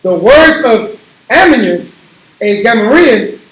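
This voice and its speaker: A man reading a footnoted text aloud slowly and carefully, stumbling over some words. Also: very high-pitched, big pitch swings, roomy sound, poor audio. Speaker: scripture reader.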